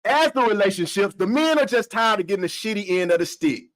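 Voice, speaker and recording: A man putting on the voice of a smug male relationship guru who lectures in a calm, condescending, mock-serious way. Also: sits high, a little fast, poor audio. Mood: smug lecturing. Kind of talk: comedic impression.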